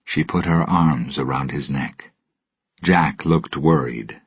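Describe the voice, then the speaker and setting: A man narrating an English-learner storybook in a slow, deliberate way. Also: a bass voice, husky, no room sound. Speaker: storybook reader. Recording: dull lo-fi recording.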